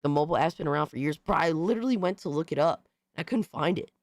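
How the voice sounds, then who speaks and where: A man hosting a casual live stream, hoarse from recent illness, talking excitably with lots of swearing as he thanks viewers. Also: fairly high pitch, quick pace, no echo, clean studio sound. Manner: excitable, profane, shouting out viewers.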